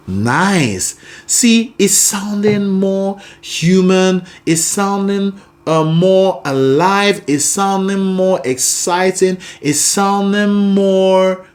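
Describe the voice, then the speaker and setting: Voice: medium pitch, takes it slowly. A singing teacher giving a vocal lesson, encouraging the learner and singing short example phrases between explanations. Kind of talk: vocal lesson with sung demonstrations.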